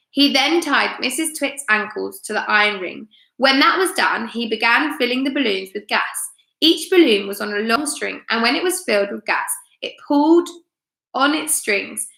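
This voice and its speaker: A woman teacher reads a children's story aloud in a fairly high, bright voice. She narrates expressively and drops in chatty asides. A roomy echo hangs around her.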